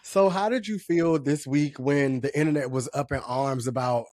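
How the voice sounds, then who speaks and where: A woman co-hosting a podcast, chatting casually about celebrity gossip in an animated, laughing way. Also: a bass voice, moderate pace, no echo. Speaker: podcast co-host. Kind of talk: casual pop-culture chat.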